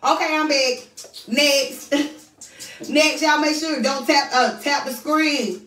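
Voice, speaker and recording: Speaking slowly in a high, steady, fairly bright voice, a woman hosts a casual livestream from home, talking straight to viewers and reading their comments aloud. She's heard from a distance in an echoey room.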